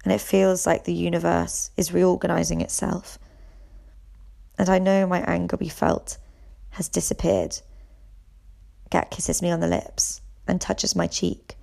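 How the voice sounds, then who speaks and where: A woman reading a novel aloud in the first person, at a steady pace. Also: on the low side, unhurried, gravelly, pauses often. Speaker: audiobook reader. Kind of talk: audiobook narration.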